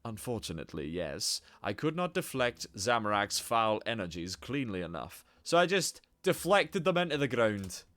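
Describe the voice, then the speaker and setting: A man's voice: fairly low pitch, sing-song, normal speed, few pauses, fairly bright tone, no room sound, voice pushed down. A man voicing a stern, weary male god-king who speaks in cold, clipped lines. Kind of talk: reading game dialogue aloud with voices.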